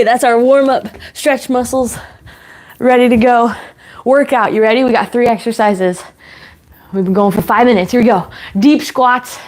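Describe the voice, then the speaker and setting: A woman's voice: a little high, a little mellow. A woman fitness instructor leading a home workout, chatty as she cues each move and counts reps.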